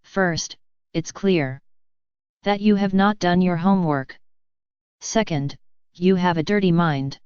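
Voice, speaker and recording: A stern sixth-grade science teacher, read by a woman, questioning her class in a formal, measured way. She speaks slowly in a clear, smooth voice. The recording is dry and slightly dull. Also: fairly low pitch, a little mellow, no room sound.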